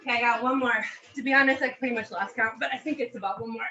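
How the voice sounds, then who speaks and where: Coaching a home workout, a young female fitness instructor talks very fast, out of breath but encouraging and cheering between sets. Her voice sits on the high side with fairly even intonation and a sharp tone, sounding roomy. Faint music plays under the dull lo-fi recording.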